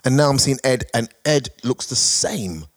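Husky storytelling man. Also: medium pitch, normal speed. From Britain. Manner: animated anecdote-telling with quoted voices. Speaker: guest comedian. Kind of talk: casual storytelling on a podcast panel. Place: studio.

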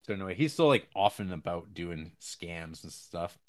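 With lively intonation at a normal speed, a man casually retells a film's plot, stumbling through fillers and restarts. He jumps up in pitch to act out what the characters say.

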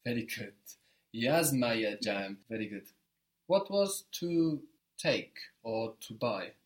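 A man's voice: mid-range voice, sing-song, takes it slowly. A man teaching a spoken language lesson, patiently explaining step by step and encouraging his student.

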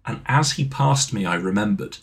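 A British man co-hosting a relaxed podcast, spinning anxious, self-mocking anecdotes peppered with swearing. His voice is animated, leaping high and dropping low as he tells a story. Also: moderate pace. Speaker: podcast co-host. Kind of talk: casual chat.

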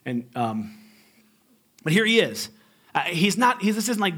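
A man's voice: on the high side, very animated, measured pace, pauses often, a bit bright. A male pastor preaching a sermon in a conversational, humorous and emphatic way.

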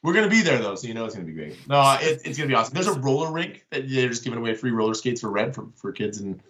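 A man's voice: medium pitch, very animated, rapid-fire, a bit bright. A man from Canada, a band member guest on a podcast, trading teasing jokes and laughing often. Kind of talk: casual chat.

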